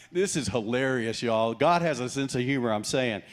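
A pastor with a medium-pitched voice preaches at a moderate pace with few pauses. His sermon is jokey and animated as he kids with the congregation and acts out the characters' quotes in the story.

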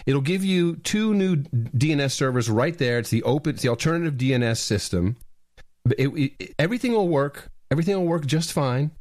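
A man co-hosting a podcast, his mid-pitched voice swinging widely as he talks. He sounds emphatic and urgent, stacking up repeated words. The recording is close and dry. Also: dry recording. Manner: animated, emphatic, repeats words when excited. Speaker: podcast co-host. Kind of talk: casual chat.

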